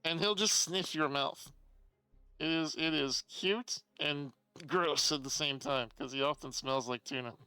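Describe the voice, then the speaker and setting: Bright, crisp-voiced male streamer. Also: on the high side, unhurried, dry recording, faint music behind, low-quality recording. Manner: chatty, swearing, reads chat aloud. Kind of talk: casual live-stream chat. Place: home streaming room.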